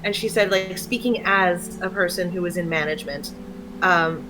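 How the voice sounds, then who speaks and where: A woman chatting casually on a stream, telling stories in a lively way and laughing often. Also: on the low side, normal speed. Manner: animated storytelling, laughs often. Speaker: streamer co-host. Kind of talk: casual chat. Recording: faint background noise.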